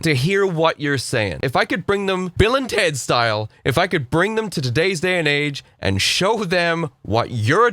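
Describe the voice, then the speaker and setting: A man's voice: a little high, fairly bright tone, no echo. A young man delivering an indignant, profane opinion rant to camera, lecturing his audience. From Britain. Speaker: vlogger.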